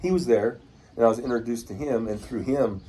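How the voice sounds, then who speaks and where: A man's voice: mid-range voice, a little fast, mellow, a little hiss or hum. A middle-aged man from Washington state telling rambling, folksy stories about his start with pigeons in a casual outdoor interview. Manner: rambling, folksy, acts out quoted voices.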